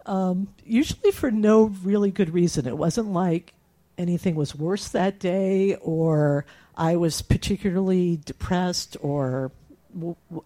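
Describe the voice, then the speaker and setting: A woman's voice: fairly low pitch, warm tone. A middle-aged woman candidly telling her own story and reading her emails aloud, with fillers and small laughs. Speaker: cancer patient sharing her story.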